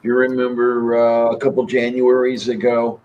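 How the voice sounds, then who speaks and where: A man who runs his own after shows, chatting slowly and chuckling on a group stream. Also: medium pitch, monotone, darkish tone, lo-fi sound. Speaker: guest, fellow streamer. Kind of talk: casual chat.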